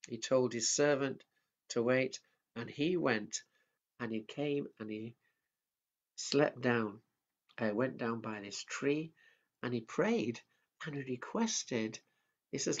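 A man preaching at a family service, telling a Bible story in a gentle, simple way. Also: mid-range voice, slow pace, pauses often. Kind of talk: children's sermon storytelling. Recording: dull lo-fi sound.

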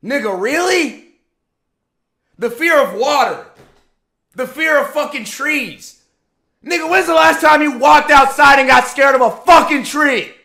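A man giving a profane, exasperated rant as an anime commentator, firing off rhetorical questions and often shouting. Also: very high voice, measured pace, long pauses.

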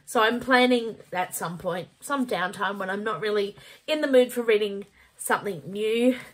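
A woman reviewing a book in a casual vlog, gushing and animated, with casual swearing. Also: medium pitch, moderate pace. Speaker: book vlogger.

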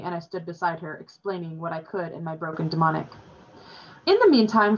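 A woman reading a novel chapter aloud in a steady storytelling manner. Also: lowish voice, slight background noise. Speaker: reader. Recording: dull lo-fi recording.

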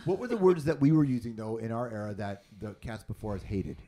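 A man's voice: lowish voice, sing-song, brisk, a crowd in the background. A man in his late forties from Canada, a journalist guest telling stories in casual chat. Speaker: guest, journalist and radio host.

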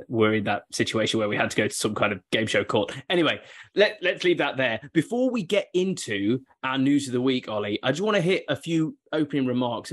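A man hosting a football podcast, talking in casual banter with mock-grand, theatrical flourishes. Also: mid-range voice. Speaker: podcast host.

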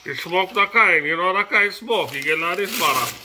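A middle-aged man from Hawaii with a Hawaiian Pidgin accent, chatting playfully in a home vlog while his daughter films, bursting into shouts and laughter. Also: high voice, expressive, a little fast, slight background noise. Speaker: vlogger. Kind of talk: casual vlog. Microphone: camera held by his daughter.

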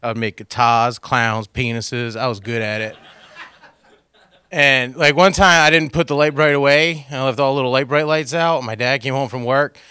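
A man's voice: medium pitch, fairly even intonation, moderate pace, sharp tone, smooth. A man doing a stand-up comedy routine on a cable access stage, talking into a handheld mic with rambling, self-deprecating asides to the crowd. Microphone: handheld microphone.

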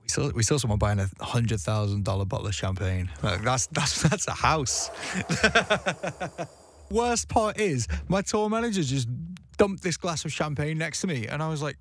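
A man's voice: fairly high pitch, lively intonation, moderate pace, fairly bright tone, dry recording. A young man talking casually as a guest DJ in a radio studio interview, chatty and self-deprecating, with frequent restarts.

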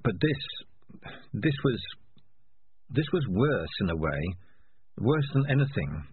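A man narrating an audiobook in an expressive reading voice. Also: medium pitch, slow pace, dry recording. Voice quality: husky. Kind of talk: scripted narration. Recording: lo-fi phone-like sound.

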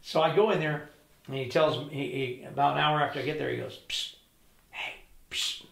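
An older man with a gravelly voice sits a little high for his age group. He tells his story in an interview and acts out each person's lines as he goes. The recording sounds roomy and echoey. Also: fairly even intonation, fast. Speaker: interview guest. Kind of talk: storytelling with quoted dialogue.

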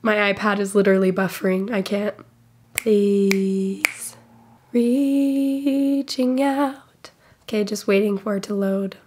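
A woman's voice: mid-range voice, completely flat delivery, fast, hardly any pauses, slight background noise. A young woman giving casual, emotional commentary while she watches a movie, gushing and exclaiming, sometimes whispering. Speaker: movie reaction vlogger.

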